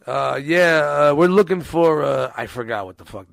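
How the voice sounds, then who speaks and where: A man's voice: a little high, lively intonation, moderate pace, creaky, few pauses, no room sound. A man casually telling a rambling, profane story and acting out quotes along the way.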